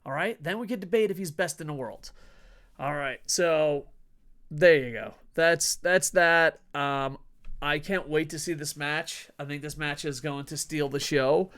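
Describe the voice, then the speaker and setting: A young man hosts a combat sports news show and reacts to headlines in loose commentary. He swears freely, rants with a lot of energy and breaks into laughs. His voice sits a little high for a man. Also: measured pace, fairly bright tone. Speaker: wrestling news host. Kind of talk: casual commentary reading headlines.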